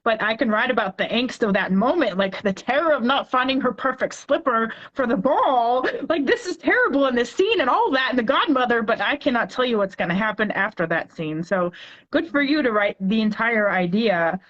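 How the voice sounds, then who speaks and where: A woman in her forties, a poet guest, talking in a chatty, animated way with lots of filler words. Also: a little high, a little fast, lo-fi sound. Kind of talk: casual interview chat.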